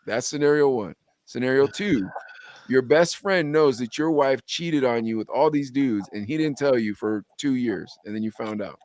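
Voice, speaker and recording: A young adult man hosting a podcast, telling a story with animated quoted dialogue in casual chat. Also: medium pitch, moderate pace, no echo. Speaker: podcast host.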